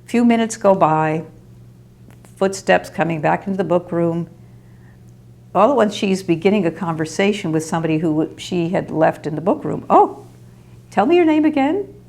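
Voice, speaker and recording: Brief: older woman storyteller, low gravelly voice, rambling anecdotes. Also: moderate pace, a little mellow. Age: 60s or older. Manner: rambling and anecdotal with small laughs. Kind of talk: reminiscing oral history.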